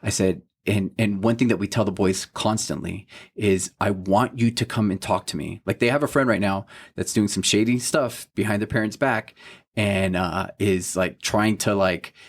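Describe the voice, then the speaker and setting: Man, 30s, somewhat low voice, casual podcast chat, earnest storyteller, loose rambling phrasing. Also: steady tone, normal speed. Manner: storytelling, quoting himself and his kids, many "you know what I mean" tags; heartfelt, earnest parental tone. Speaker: podcast co-host.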